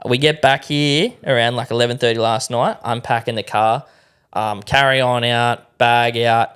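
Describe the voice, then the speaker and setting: An Australian man co-hosting a podcast, telling a sweary, animated story in casual chat. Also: medium pitch, normal speed, clear, resonant tone. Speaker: podcast co-host.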